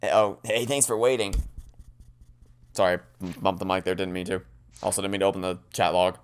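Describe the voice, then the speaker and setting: A man hosting a game playthrough, giving excitable, joking fan commentary between lines. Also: low-pitched, brisk, clear, resonant tone. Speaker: let's play host.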